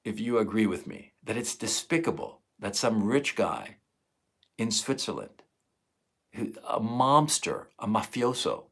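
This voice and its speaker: A man in his fifties delivers an impassioned live stream rant to his viewers. His voice is gravelly with a husky edge, and he swears often. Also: fairly low pitch, big pitch swings, measured pace. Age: 50s. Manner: emotional, profane, impassioned ranting. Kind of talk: angry live stream monologue.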